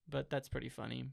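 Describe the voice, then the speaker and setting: A young man chatting as co-host of a casual podcast. He is talkative and jokey, often breaks into laughter, and speaks at an everyday middle pitch. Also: vocal fry, darkish tone. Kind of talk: casual chat.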